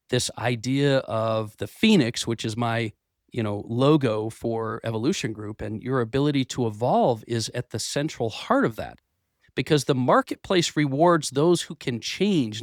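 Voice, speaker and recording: This podcast host's mid-range voice is a bit hoarse, as if he'd recently lost it, yet he talks earnestly about motivation and business from his office. He often stops, repeats words, and starts a phrase over. The sound is dry and studio-clean.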